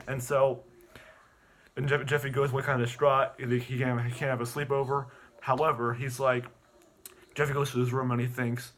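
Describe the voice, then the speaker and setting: A young man retells a story with lots of stammers and repeated words, mid-pitched and chatty. He jumps between narrating and acting out bits. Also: level tone, fairly quick, fairly bright tone. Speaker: online video host. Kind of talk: animated plot recap.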